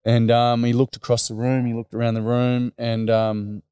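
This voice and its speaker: A man's voice: mid-range voice, flat delivery, moderate pace, mellow, smooth, no echo. A man with an Australian accent, a teacher and mentor, telling stories as a podcast guest in a casual, blokey way full of fillers and "mate". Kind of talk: storytelling in a podcast interview.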